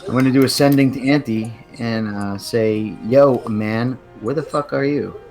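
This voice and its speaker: A man playing in a tabletop game, talking casually and haltingly with many fillers. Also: mid-range voice, darkish tone, faint music behind. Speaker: player.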